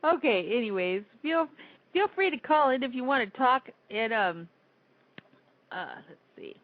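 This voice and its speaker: A woman's voice: fairly high pitch, animated, unhurried, no echo. Chatty woman on a tinny phone line. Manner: chatty, rambling, laughs often. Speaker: internet radio host. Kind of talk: casual call-in show chat.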